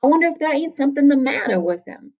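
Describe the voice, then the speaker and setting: A woman's voice: sits high, very animated, quick pace, dull audio, voice pushed up. A woman voicing a sly male frontier gambler who talks in an offhand, folksy drawl.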